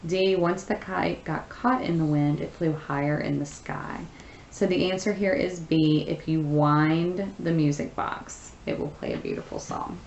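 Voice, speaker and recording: A woman teacher with a fairly low voice reads a story aloud, then works through the answers. She explains patiently, one step at a time, often pausing on fillers. The room around her rings with a noticeable echo. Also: fairly even intonation, vocal fry, a little mellow, lo-fi sound, slight background noise.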